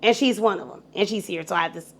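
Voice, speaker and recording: A middle-aged woman telling her story on a podcast in a casual, animated, profane way, acting out the voices of the people in it. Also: mid-range voice, racing, creaky, crowd noise. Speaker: guest.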